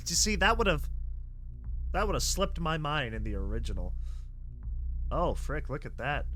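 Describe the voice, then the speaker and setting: Excitable man reacting with mild swearing. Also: fairly high pitch, moderate pace, soft background music. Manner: excitable, swears mildly, laughs and gasps often. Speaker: online reaction host. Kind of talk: reacting to and reading a horror comic slideshow.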